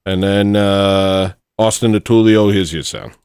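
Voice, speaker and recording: A man's voice: deep voice, a little slow, a little mellow, clear, resonant tone. A man hosting a livestream, chatting casually and joking as he thanks viewers for donations. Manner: rambling, jokey, reads out super chats. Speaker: livestream host.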